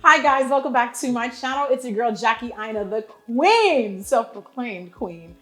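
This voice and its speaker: Woman, 30s, host, from Nigeria, playful casual chat, highish voice. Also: moderate pace, faint music behind. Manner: playful, sassy, animated.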